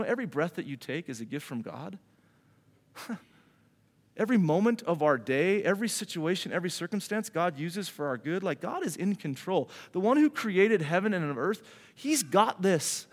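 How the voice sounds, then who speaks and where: A man's voice: on the high side, in a large hall. A pastor giving a sermon to his congregation in an earnest, conversational way, often repeating words as he goes.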